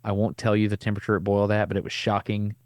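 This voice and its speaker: A man's voice: fairly low pitch, racing, no room sound, studio quality. Laid-back middle-aged man telling a story. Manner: animated, laid-back storyteller with casual slang. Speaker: podcast host. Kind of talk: casual storytelling chat.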